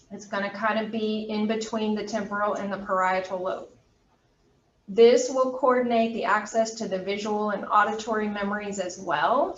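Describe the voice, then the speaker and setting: A woman teaching a college anatomy class in a classroom, talking fast and emphatically with chatty asides. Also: mid-range voice, distant mic, slight background noise. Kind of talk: classroom lecture. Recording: echoey, dull lecture room recording from afar.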